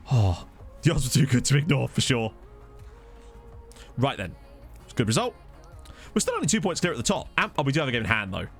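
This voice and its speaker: Lively, chatty male game streamer. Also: mid-range voice. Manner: chatty, rambling, answers viewer chat. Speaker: streamer playing a football management game. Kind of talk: casual live-stream commentary. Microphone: desktop USB microphone.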